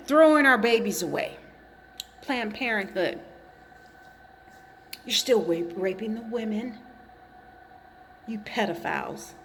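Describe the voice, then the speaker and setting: Recorded in a big-sounding room with a little hiss or hum, a high-voiced woman vlogger addresses the camera directly. She delivers an impassioned monologue, leaning on emphatic accusations and pointed repetition.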